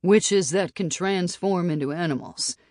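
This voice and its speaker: A woman doing a calm, steady bounty hunter. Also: fairly low pitch, measured pace, no echo, studio quality, lightly acted.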